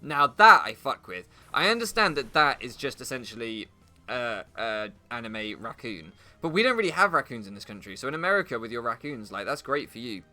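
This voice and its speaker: British lets-play guy, young, crude sarcastic rambling, sharp bright tone, lively pitch, game music behind. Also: a little fast. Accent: British English. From England. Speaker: gaming commentator. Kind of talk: rambling commentary over gameplay.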